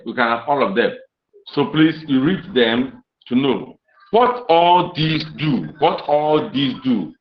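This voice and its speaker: Guy teaching a poetry class, slow and repeats himself, echoey muffled recording. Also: medium pitch. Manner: slow, deliberate, often repeats phrases. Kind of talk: classroom lecture. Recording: roomy, dull lo-fi sound.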